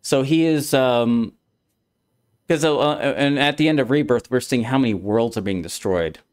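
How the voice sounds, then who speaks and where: A man's voice: mid-range voice, normal speed, darkish tone, smooth. A man streaming a casual discussion, rambling through his explanation with many restarts. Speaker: streamer, host.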